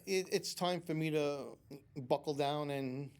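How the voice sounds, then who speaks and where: A man's voice: fairly high pitch, unhurried, smooth. A man, a psychic medium guest on a studio talk show, telling long anecdotes with many restarts and acting out what people said. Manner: rambling anecdotes with many restarts and acted-out quotes. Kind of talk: storytelling in a talk show interview. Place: community TV studio.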